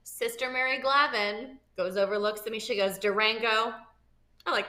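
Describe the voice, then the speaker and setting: Woman, 30s, from Florida, actor guest, animated storyteller, roomy echo. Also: a little high, normal speed. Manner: lively, expressive, acts out quoted people.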